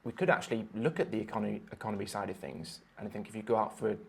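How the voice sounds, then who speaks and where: Low gravelly husky male musician. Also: very fast. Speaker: musician guest. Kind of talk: casual conversation.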